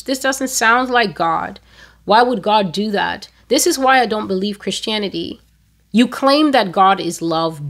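A woman delivers a prophetic sermon in a voice of middle pitch. She speaks with strong emphasis and often rises to sudden loud peaks, sometimes slowing down and sometimes rushing ahead. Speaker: prophecy preacher. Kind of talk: sermon-style prophetic teaching.

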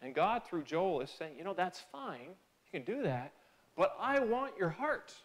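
With a sing-song, unhurried voice, a pastor preaches in a church sanctuary, earnest and conversational. He lifts his pitch and loudness on key phrases and occasionally restarts small bits.

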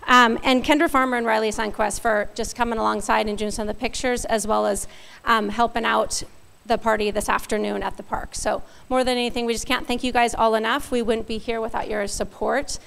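A woman's voice: a little high, flat delivery, brisk, creaky, fairly bright tone, clean tone. A woman thanking helpers at a school ceremony in a casual, thankful way. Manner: casual, thankful, many fillers. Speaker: school organizer. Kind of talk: ceremony thank-you speech.

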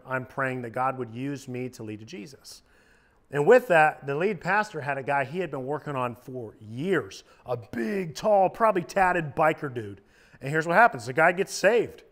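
Lively joking male youth preacher. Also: on the high side. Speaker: youth minister. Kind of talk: casual youth sermon. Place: church youth service.

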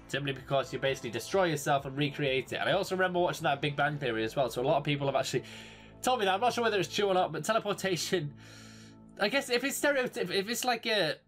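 A man's voice: fairly high pitch, fairly bright tone. Chatty young English man, rambling and jokey. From England. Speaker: YouTuber. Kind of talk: casual solo commentary. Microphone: desk microphone.

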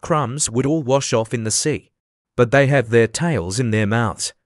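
A man voicing a sleepy, easily offended male Mock Turtle creature in a storybook reading, speaking slowly and thoughtfully. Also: medium pitch, no room sound, studio quality, close to an everyday voice. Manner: slow, thoughtful delivery.

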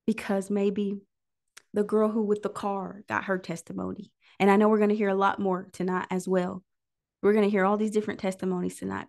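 A woman hosting a prayer livestream, preaching in an emotional, near-tearful way and pausing often to listen. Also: mid-range voice, little pitch movement, gravelly, a little mellow. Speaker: host of a prayer call livestream. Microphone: livestream microphone.

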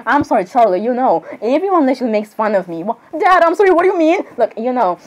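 A woman's voice: sits high, big pitch swings, quick pace. A young woman chatting in character as a cosplayer, rambling and apologizing often between giggles. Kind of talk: in-character cosplay role-play chat.

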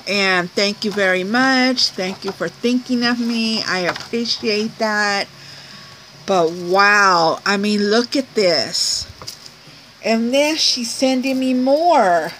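Speaking slowly at medium pitch, a woman vlogger opens a gift package at home at night, with slight background noise. She chats casually to her viewers, showing each item, gushing, laughing often and exclaiming with excitement.

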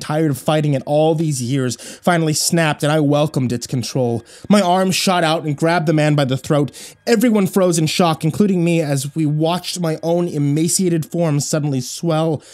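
Horror narrator, male, mellow dark voice, soft music under it. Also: medium pitch. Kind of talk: scripted first-person horror narration.

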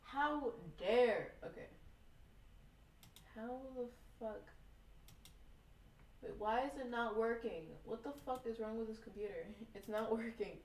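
A woman's voice: a little high, takes it slowly, pauses often, darkish tone. A young woman streaming casually, rambling, giggling often and swearing a lot as she chats to viewers. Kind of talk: casual live-stream chat.

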